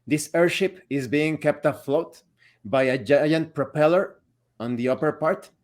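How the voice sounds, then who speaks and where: A man narrating a tabletop role-playing game as game master, describing scenes in a steady, descriptive way. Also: on the high side, a little slow.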